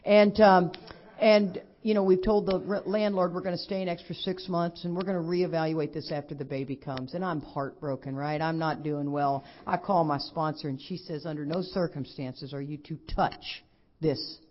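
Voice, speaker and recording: A middle-aged woman, giving a lively personal testimony at a recovery convention and acting out what others said. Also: fairly low pitch, normal speed, a little hiss or hum. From Texas. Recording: dull lo-fi convention recording.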